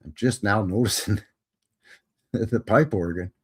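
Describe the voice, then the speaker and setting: A man's voice: fairly low pitch, measured pace, slightly rough. A man hosting a live show who comments casually on photos, with a wry and joking manner that turns easily to amazement. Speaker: host.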